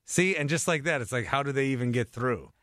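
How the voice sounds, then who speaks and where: A man's voice: medium pitch, brisk, a bit bright, dry recording. A male sports radio host talks on a dry studio mic. He is chatty and casual, laughing along with callers and often restarting his sentences as he goes. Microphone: studio microphone.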